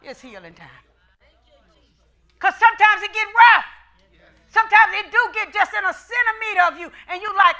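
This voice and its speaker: High, bright-voiced woman preaching. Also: steady tone, moderate pace, pauses often. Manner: shouting, call-and-response preaching. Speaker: pastor. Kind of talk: sermon.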